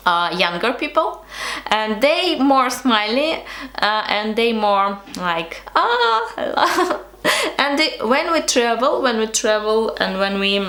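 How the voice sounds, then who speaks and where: Slow-talking young Russian woman vlogger. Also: medium pitch, fairly bright tone, echoey room. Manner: hesitant, lots of fillers and restarts, frequent laughs. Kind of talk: casual talk to camera.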